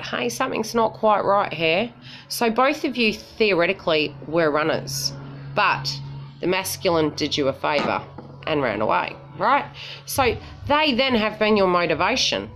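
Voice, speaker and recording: A woman with a slightly low voice gives a casual spiritual talk as a psychic reader. She is blunt and swears freely, often checks in with a quick "right?", and has faint music playing behind her. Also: fairly bright tone.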